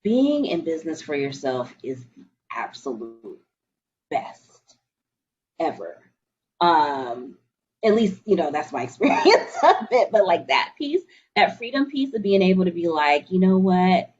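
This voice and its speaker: A woman guest on a podcast who coaches her listeners. Her voice rises and falls in a lively way as she coaxes and encourages. The sound is dull and lo-fi, as from a remote call. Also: fairly low pitch, measured pace. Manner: animated, encouraging, coaxing. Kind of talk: casual podcast chat.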